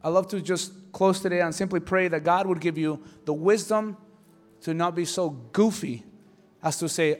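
A high-pitched man delivers a fervent sermon, dropping to near-whispers and rising to full shouts. Soft music plays faintly behind him. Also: moderate pace. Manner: impassioned, swings from hushed to shouting. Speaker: pastor.

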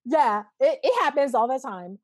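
A woman's voice: high voice, lively intonation, normal speed. A woman in her thirties speaks earnestly and reflectively as a guest in a casual conversation. Her thoughts come in short bursts, often strung together with "you know". The sound is close and dry, with no room echo. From Alabama, USA. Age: 30s. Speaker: podcast guest.

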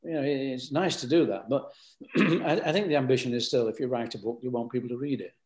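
Man, northern English accent, author guest, rambling, repeats himself, clears throat, video call. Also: medium pitch, fast, darkish tone. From north of England. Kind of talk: casual interview chat.

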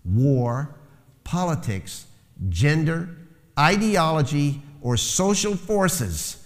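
A man's voice: a little high, very animated, very slow. A man preaching a sermon as pastor, lifting his voice to stress key phrases. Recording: long hall reverb.

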